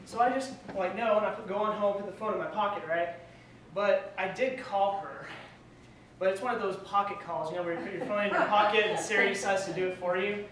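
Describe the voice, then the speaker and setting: A man's voice: high voice, fairly quick, fairly bright tone, a little hiss or hum. A young man in his late teens doing stand-up comedy, telling awkward, self-deprecating stories. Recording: echoey room recorded from far off, faint ambience.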